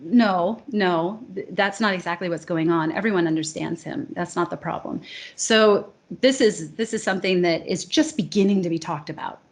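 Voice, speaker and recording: A woman's voice: on the low side, normal speed. An American woman, a speech coach and academy founder, talking earnestly in an interview and stacking her points in lists. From United States. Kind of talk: conversational interview.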